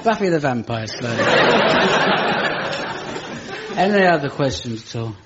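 A young British man doing stand-up storytelling on stage, dry and ironic, rising into high exasperated rants. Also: big pitch swings, takes it slowly, over a noisy crowd, very noisy. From Britain. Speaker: comedian. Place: stage before a live audience. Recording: muffled live stage recording with audience.

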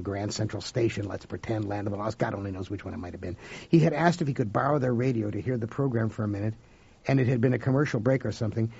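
A man with a gravelly, husky voice narrates a first-person story. His reading is dramatic, dropping to hushed whispers and rising to loud outbursts. The recording sounds dull and lo-fi. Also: on the low side. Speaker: audiobook narrator.

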